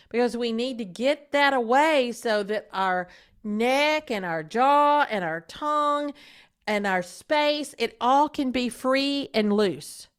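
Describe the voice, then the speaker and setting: A woman voice teacher talks her listeners through singing practice at a slow, deliberate pace. Her voice sits a little high for a woman. She coaches by asking the listener question after question. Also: fairly bright tone, clear, resonant tone. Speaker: podcast host and voice teacher. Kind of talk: instructional podcast monologue.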